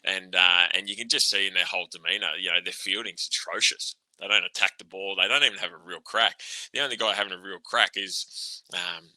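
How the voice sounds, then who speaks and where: A man's voice: low-pitched, steady tone, fairly quick, pushed and bright, no room sound, rough recording. An Australian man and former player co-hosting a casual sports podcast, blunt and sweary, laughing often. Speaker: podcast co-host, ex-cricketer.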